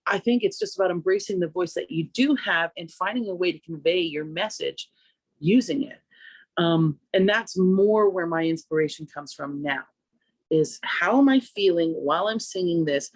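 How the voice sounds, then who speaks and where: A woman singer from Canada talking through her craft in a relaxed radio interview, reflective and conversational, lifting her pitch when she quotes herself. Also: moderate pace, dry recording. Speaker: singer and vocal coach, interview guest.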